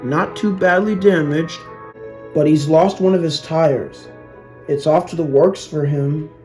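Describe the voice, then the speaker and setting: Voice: mid-range voice, steady tone, unhurried, a little mellow, soft background music, close to an everyday voice. A narrator voicing a cheerful, helpful male steam engine in a friendly, chatty tone. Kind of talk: storybook reading.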